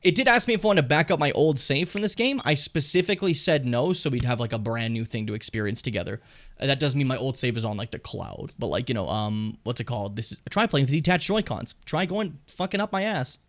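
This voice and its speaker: A man's voice: mid-range voice, lively intonation, fast talker, a bit bright. A young man streaming a video game, rambling casually and swearing often. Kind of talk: let's play commentary.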